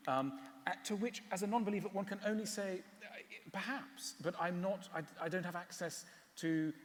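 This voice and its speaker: A man giving a public talk and answering questions, wry and animated, often stopping on fillers. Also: sits high, moderate pace, long reverb tail. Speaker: speaker. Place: large hall.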